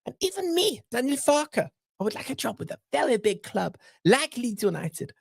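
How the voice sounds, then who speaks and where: A man putting on a high, exaggerated mock voice of a football manager, drawn out and mocking. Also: sing-song, normal speed, creaky, husky, no echo, exaggerated voice.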